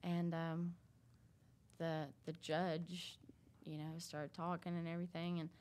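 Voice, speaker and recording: A woman telling her story in a halting, casual way, full of fillers and restarts. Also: fairly low pitch, little pitch movement, a little mellow, clean tone. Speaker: interview guest sharing a recovery story.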